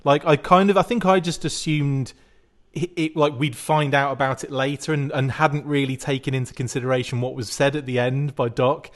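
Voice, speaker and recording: Podcast host guy, average pitch, rambly and jokey, laughs a lot. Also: fairly even intonation, moderate pace. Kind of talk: casual podcast chat.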